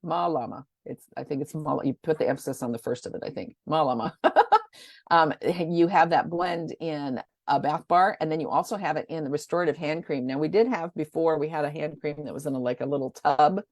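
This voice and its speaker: A woman's voice: low voice, a little fast, a little mellow, no room sound, studio quality. A woman presenting products in a casual, rambling rundown. She talks chattily and often stumbles over names. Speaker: essential oil presenter.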